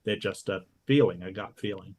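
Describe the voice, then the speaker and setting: A man's voice: deep voice, a little fast, darkish tone. A man debating on a video call, hesitant and self-deprecating, with many restarts and fillers. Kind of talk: casual debate talk.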